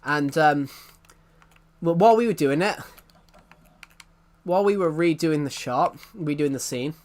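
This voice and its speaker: A man's voice: on the high side, unhurried. Rambling, chuckling young man streamer. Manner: rambling and self-deprecating, laughs often and restarts. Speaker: live streamer. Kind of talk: casual live-stream chat.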